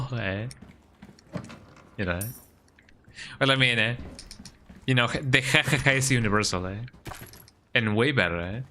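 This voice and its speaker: While live-streaming a game, a Spanish-speaking man keeps up playful, rambling chat punctuated by "eh?" and the odd silly sing-song bit. His mid-range voice is bright and forceful, at a moderate pace with frequent pauses. A little hiss or hum is audible.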